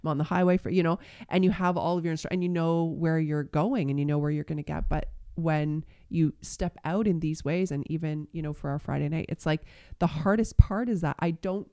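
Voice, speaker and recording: Earnest man with a smooth voice. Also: a little high, warm tone, no echo. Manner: earnest, halting, many fillers and restarts. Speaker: pastor. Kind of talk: casual testimony chat.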